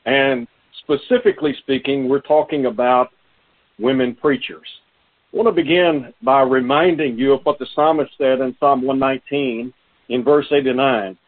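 A man preaching a sermon, his voice raspy from a cold, quoting scripture in a measured way. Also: medium pitch, steady tone. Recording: tinny phone-line audio.

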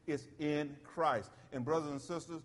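High-voiced preacher in an echoey church. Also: male voice, normal speed. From South Carolina. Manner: emphatic call-and-response preaching. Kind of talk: sermon.

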